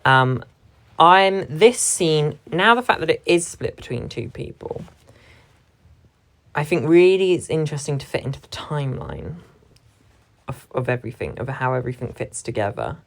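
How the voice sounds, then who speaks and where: A woman's voice: low-pitched, big pitch swings, normal speed, vocal fry. A young woman, a drama performer, giving a reflective talk about how a stage scene is split between actors. She is analytical and stresses key words when she quotes lines.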